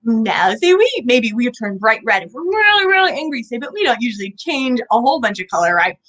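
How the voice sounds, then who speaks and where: Bubbly, sing-song woman educator, a bit high-voiced, teaching kids indoors at an animal center. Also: very animated, a little fast, a bit bright, rough recording. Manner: bubbly, sing-song, asks children questions. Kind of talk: kids' lesson.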